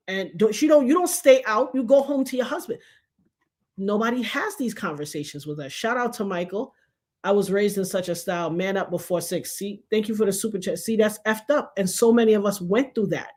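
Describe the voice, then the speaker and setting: A woman's voice: medium pitch, brisk, a little mellow. A middle-aged woman, hosting a casual livestream chat and telling stories animatedly, acting out the voices of the people she quotes. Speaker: show host.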